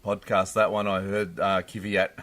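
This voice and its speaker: A man's voice: low voice, flat delivery, a little slow, fairly bright tone. A man, co-hosting a casual podcast, enthusiastic and laughing often. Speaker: podcast co-host. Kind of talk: casual chat.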